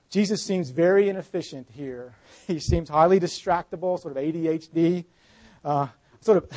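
A man preaching a sermon in an earnest way, dropping his voice softly when he speaks Jesus' words. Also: fairly high pitch, dry recording, low-quality recording. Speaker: pastor.

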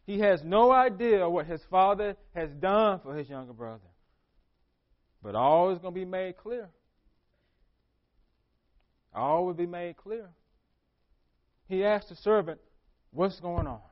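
A man's voice: sits high, highs cut off. A man preaching a sermon as pastor, repeating phrases for emphasis and acting out a character's questions.

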